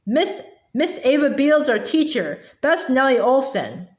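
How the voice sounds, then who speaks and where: A woman voicing a bossy, friendly red-haired schoolgirl in a storybook reading, with a brisk, chatty manner. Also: high-pitched, sing-song. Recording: echoey room.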